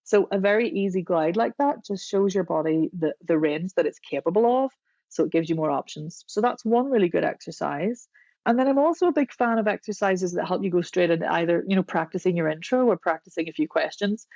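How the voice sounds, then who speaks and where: A woman voice coach appears as a podcast guest, explaining vocal exercises in an unhurried, demonstrative way. Her voice is lowish and dark with vocal fry, and the lo-fi recording has no echo.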